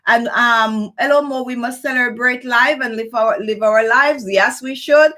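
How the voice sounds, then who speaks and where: A woman's voice: a little high, measured pace, bright, forceful tone. A middle-aged woman hosting a live beauty stream, tired and chatty, greeting viewers by name and rambling in a personal way with lots of fillers.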